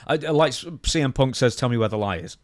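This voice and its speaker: A man's voice: medium pitch, animated, a little fast, dry recording, studio quality. A man co-hosting a podcast, reading news quotes aloud and then commenting on them conversationally. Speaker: podcast co-host.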